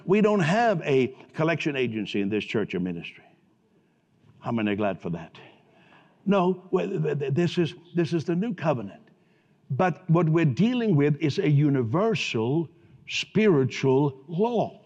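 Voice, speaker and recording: A man's voice: on the high side, big pitch swings, a little slow, a little mellow. A man preaching a sermon emphatically to a congregation in a church, often repeating and restarting his words. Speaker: pastor. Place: large church hall. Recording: dull recording with long hall reverb.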